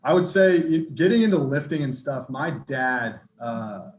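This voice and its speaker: A man's voice: mid-range voice, unhurried, slight background noise. Laid-back man in an echoey room. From Northern California. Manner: relaxed and rambling, frequent fillers and restarts. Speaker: football strength coach, podcast guest. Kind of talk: casual podcast interview storytelling. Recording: echoey room with faint ambience.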